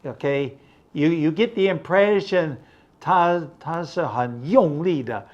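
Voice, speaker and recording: Brief: older man, slow patient English teacher, slightly high voice, dull lo-fi recording. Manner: slow, patient, explains words, checks with "okay?". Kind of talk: bilingual English lesson.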